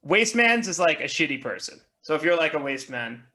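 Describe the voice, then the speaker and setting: A man from Canada co-hosting a laid-back beer podcast. His voice is bright and a bit tense, set slightly high, and he explains slang eagerly with casual swearing. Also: big pitch swings, a little fast. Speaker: podcast co-host. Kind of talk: casual chat over beers.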